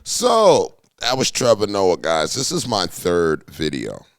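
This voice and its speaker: A man giving casual reaction commentary on a clip, in a relaxed, chatty way. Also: deep voice, slow, dry recording, studio quality. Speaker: reaction video creator.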